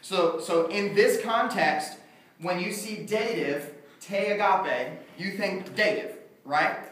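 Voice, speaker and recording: A man's voice: high voice, slow, fairly bright tone, a little hiss or hum. A man teaching a Greek class, lecturing and often checking in with his students. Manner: questioning students, checking in with "okay?". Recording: echoey classroom, mic far off.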